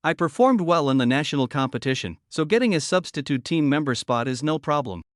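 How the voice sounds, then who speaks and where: A man voicing a gentle, patient young woman in a recap story. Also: on the high side, lively intonation, a little fast, no room sound, studio quality, lightly acted.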